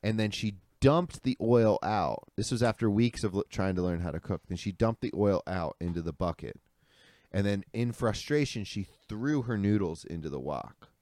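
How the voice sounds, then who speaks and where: A man's voice: on the low side, moderate pace, a little mellow, no echo. A man chatting casually as a podcast co-host, rambling through a story with lots of "dude" and "like" and casual swearing. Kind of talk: casual chat.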